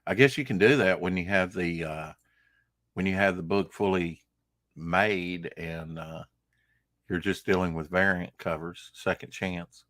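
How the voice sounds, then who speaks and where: A man's voice: low-pitched, unhurried, fairly bright tone, no echo, clean studio sound. A man co-hosting a podcast, chatting casually in a rambling, teasing way. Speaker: podcast co-host. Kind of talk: casual chat.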